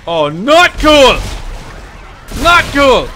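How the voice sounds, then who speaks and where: A young man doing let's play commentary on a horror game, swearing freely and yelling at enemies. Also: very high-pitched, big pitch swings, drawn-out words, slight background noise. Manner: swears a lot and yells at enemies. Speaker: gaming YouTuber.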